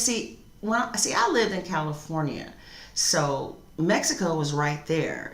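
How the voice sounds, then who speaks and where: An outspoken middle-aged woman reads tarot to her live chat, sassy and blunt. She talks slowly and her voice lifts and falls a lot, with a bright edge to it. The room around her has a noticeable echo. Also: fairly low pitch. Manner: sassy, outspoken, talks back to chat with loud laughing asides. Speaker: tarot reader. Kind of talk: live-stream chat reading viewer comments.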